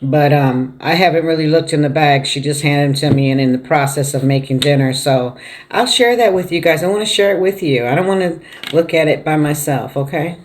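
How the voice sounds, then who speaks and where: A woman's voice: sits low, brisk, a little hiss or hum. Chatty middle-aged woman eating on camera. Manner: chatty, laughs often, murmurs while chewing. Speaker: mukbang vlogger. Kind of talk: casual chat while eating. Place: at home.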